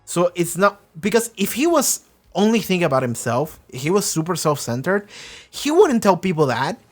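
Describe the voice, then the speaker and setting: Animated swearing young man reviewing a show. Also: high-pitched, normal speed, faint music behind. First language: not English. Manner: animated, swearing, acts out characters' lines. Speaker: reaction video host. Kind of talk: casual reaction and review.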